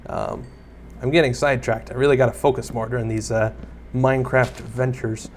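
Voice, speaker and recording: Over a faint ambient hum, a young gaming YouTuber speaks a little fast with fairly even intonation at a middle pitch. His casual Let's Play commentary on a block-building game wanders freely, full of self-deprecating jokes and remarks to viewers and in-game mobs.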